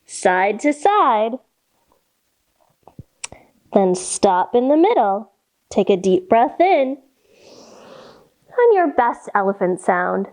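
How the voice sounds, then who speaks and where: Slow, sing-song woman leading kids' yoga. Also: fairly high pitch, sing-song, a little mellow. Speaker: kids' yoga teacher reading a story. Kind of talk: storytime yoga lesson for children.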